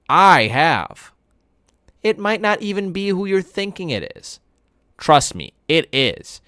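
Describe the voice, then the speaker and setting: Woman doing an exasperated schoolboy, pitched up. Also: a bit bright, no echo, clean studio sound, exaggerated voice. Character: middle school boy, blunt, exasperated.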